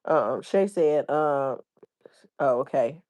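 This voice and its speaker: A woman's voice: rumbling low, takes it slowly, darkish tone. A woman hosting a livestream, chatting casually and reading viewer comments aloud in informal slang. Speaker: livestream host.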